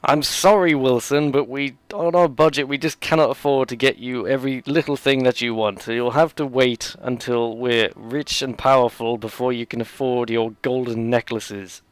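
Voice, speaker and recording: A man at a mid pitch talks over his gameplay with a rambling, sarcastic humor and keeps tossing in jokey asides. His voice sits close and dry on the mic, with no room sound at all. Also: fairly even intonation, normal speed, few pauses, clean tone, no echo. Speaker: let's play host. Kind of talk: gameplay commentary.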